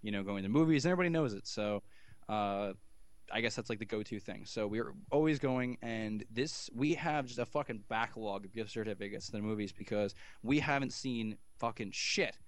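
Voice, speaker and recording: A man's voice: lowish voice, a little fast, dry recording. A man co-hosting a podcast in casual chat, rambling and swearing, with many restarts. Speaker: podcast co-host.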